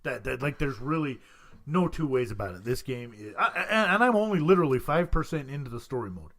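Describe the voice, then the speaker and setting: A man's voice: mid-range voice, expressive, fast, fairly bright tone. A man hosting a casual podcast chat, rambling and stumbling over his words, laughing often. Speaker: podcast host.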